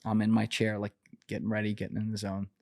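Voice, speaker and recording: Animated, swearing young man telling a story. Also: lowish voice, fast, vocal fry, no echo, clean studio sound. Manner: animated, profane, filler-heavy. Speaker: podcast guest. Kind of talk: casual storytelling chat.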